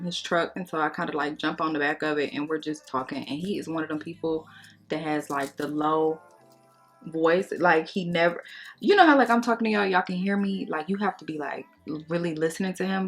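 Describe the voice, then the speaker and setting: A woman's voice: low voice, moderate pace, faint music behind. A young woman, chatting and gossiping casually while doing her makeup for a beauty vlog. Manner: chatty, gossipy, slangy and expressive. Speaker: beauty vlogger. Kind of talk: casual storytime during a makeup tutorial.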